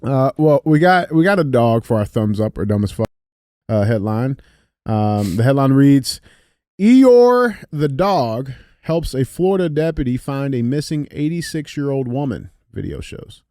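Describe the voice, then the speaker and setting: A man's voice: mid-range voice, expressive, measured pace, dark tone, no room sound, clean studio sound. A man co-hosting a podcast, introducing a segment and reading a headline aloud in casual talk. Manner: agreeable, hypes the segment, reads headlines. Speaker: podcast co-host.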